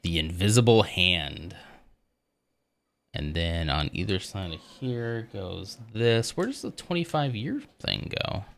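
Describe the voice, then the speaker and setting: Lively low-voiced man chatting. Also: slow pace, vocal fry, slight background noise. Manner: chatty and self-deprecating, laughs often. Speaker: livestreamer. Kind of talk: casual chat while building Lego.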